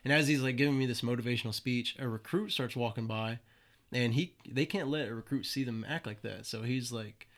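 A man's voice: mid-range voice, fairly quick, a bit bright. Laid-back young man telling stories. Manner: loose and profane, laughs at his own stories. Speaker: guest. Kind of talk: casual storytelling.

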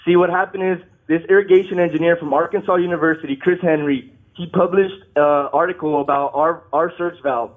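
A nervous, shaky man calling into a show, talking haltingly, apologizing and restarting his sentences. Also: on the high side, fairly even intonation. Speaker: caller. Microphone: phone. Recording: tinny phone line.

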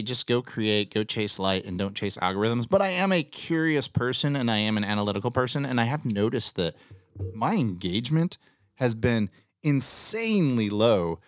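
A man's voice: on the low side, no room sound, studio quality. A man hosting a casual podcast chat, talking bluntly and ranting with plenty of swearing. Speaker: podcast host.

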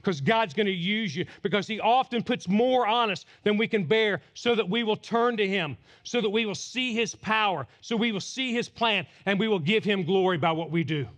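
A pastor delivering a sermon at a church service, animated and teasing the congregation. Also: male voice, sits high.

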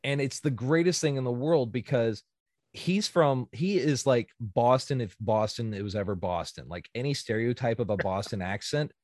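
A man co-hosting a casual podcast chat, animated and joking, laughing often. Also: medium pitch, normal speed, no echo, studio quality. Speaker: podcast co-host.

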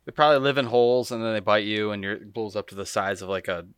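A man's voice: lowish voice, quick pace, a bit bright, clean tone, no room sound, clean studio sound. A man co-hosting a podcast, rambling and ranting in casual chat. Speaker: podcast co-host.

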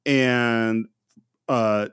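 A man's voice: medium pitch, fairly even intonation, very slow, fairly bright tone, smooth, no room sound, clean studio sound. A man hosting a casual film podcast, chuckling often as he shares trivia eagerly. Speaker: podcast host.

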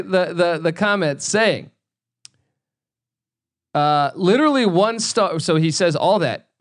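A man hosting a solo sports podcast from home, ranting with heavy cursing, excitable bursts and a habit of repeating his own phrases. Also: on the high side, a little slow, dry recording, clean studio sound. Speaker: podcast host.

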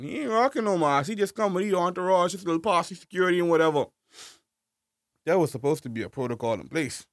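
Animated co-host, slangy rants, raised voice, dry close mic. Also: male voice, sits high, a little fast, no room sound. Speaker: podcast co-host. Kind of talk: casual chat.

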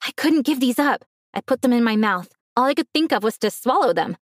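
A woman narrating a first-person story in a calm, earnest way. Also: fairly high pitch, a little fast, no room sound, clean studio sound.

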